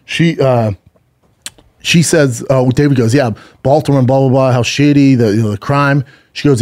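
A man's voice: mid-range voice, moderate pace, darkish tone. A man co-hosting a podcast, telling a story in casual chat, acting out quotes and swearing freely. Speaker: podcast co-host.

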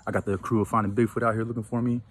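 A man rattles off a joking, slangy video message at a quick clip. His voice sits low and easygoing. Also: little pitch movement, breathy edge. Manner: joking, laid-back, slangy. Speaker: listener sending a video clip.

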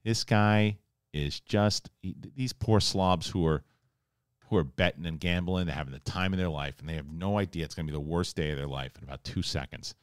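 Deep-voiced man rambling through a review. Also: no room sound, clean studio sound. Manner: animated, acts out characters' lines in a joking voice; rambling, conversational, mild swearing. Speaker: TV show reviewer. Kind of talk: casual spoiler review.

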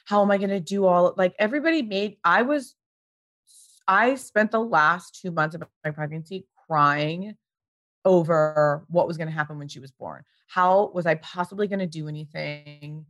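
A woman in her thirties chatting as a podcast guest, with lots of fillers and animated voices when she quotes people. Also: fairly low pitch, moderate pace, no echo, dull audio. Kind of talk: casual chat.

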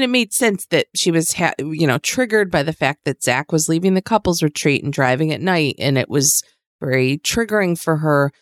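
A woman's voice: sits low, no room sound. A woman co-hosting a podcast, chatty and loose, with casual swearing. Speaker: podcast co-host. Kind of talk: casual chat recapping a reality show.

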